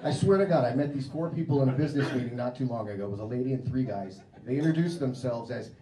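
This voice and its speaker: A man with an American accent works a comedy club crowd with a crude, mocking stand-up set. His voice sits mid-range and carries through a roomy hall. Loud crowd noise and laughter fill the space around him. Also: mid-range voice, fast. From United States. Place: comedy club stage before a live audience.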